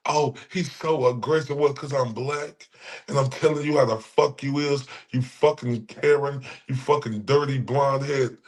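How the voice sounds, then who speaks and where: A man's voice: mid-range voice, measured pace. A man hosting a livestream, ranting profanely and mockingly in heated reaction commentary. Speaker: livestream host reacting to clips.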